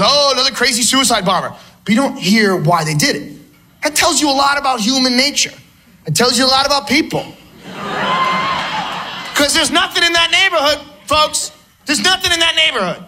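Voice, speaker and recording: A man performing stand-up comedy, growing animated and shouting through his bits. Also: extremely high pitch, a little fast. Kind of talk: stand-up set.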